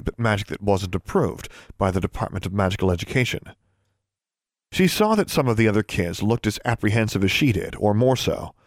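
Low-voiced male audiobook narrator. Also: no echo, studio quality. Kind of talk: scripted story narration.

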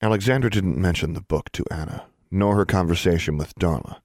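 A man narrating an audiobook in an even, measured storytelling manner. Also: low voice, no room sound, clean studio sound.

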